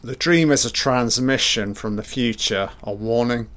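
A man watches a film and mutters casual, sweary reactions as commentary. His voice sits at medium pitch with a measured pace, and his manner is relaxed, full of muttered asides.

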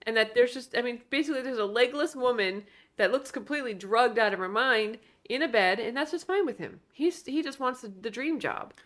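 A woman's voice: a little high, fairly quick, a bit bright. A woman co-hosting a movie podcast in casual chat, talking bluntly and emphatically and swearing freely. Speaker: podcast co-host.

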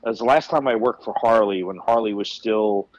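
A man's voice: fairly low pitch, moderate pace, no echo, lo-fi sound. A man guesting on a podcast, telling candid, profane stories in a casual way. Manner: candid, profane, animated storyteller. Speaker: wrestler guest. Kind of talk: casual storytelling.

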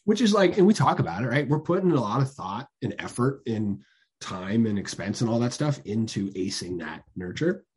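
A man's voice: mid-range voice, very animated, moderate pace, a little mellow, husky. A man in his thirties co-hosting a casual chat podcast, telling stories loosely and cursing as he jokes. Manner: loose, profane, joking storyteller. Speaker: podcast co-host.

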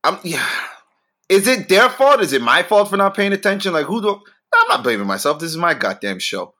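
Bright-voiced man ranting loudly. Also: fairly quick. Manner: animated ranting, swearing, sudden pitch jumps. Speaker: podcast host. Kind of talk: profane comedic rant.

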